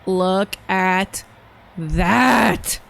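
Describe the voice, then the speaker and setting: A woman's voice: medium pitch, very slow, gravelly, a bit bright. A woman hosting a casual commentary show, reacting to video clips in a chatty, emphatic way. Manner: chatty, emphatic, talks with her mouth full at times.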